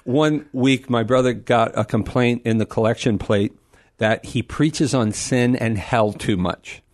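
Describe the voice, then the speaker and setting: A man answering a caller as a guest on a call-in radio show, earnest and animated, often laughing and repeating words as he thinks. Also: medium pitch, a little slow, no echo, studio quality.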